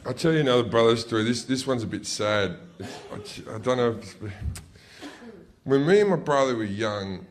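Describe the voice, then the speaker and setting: A man's voice: medium pitch, lively intonation, moderate pace, a little hiss or hum. A man telling rambling, profane stand-up stories, often correcting himself mid-sentence. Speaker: stand-up comedian. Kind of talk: stand-up comedy storytelling.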